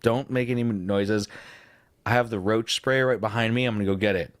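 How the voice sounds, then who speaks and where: A man co-hosting a casual podcast, telling a story with lots of swearing and high-pitched quoted voices. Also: fairly even intonation, brisk, dry recording, studio quality. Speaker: podcast co-host.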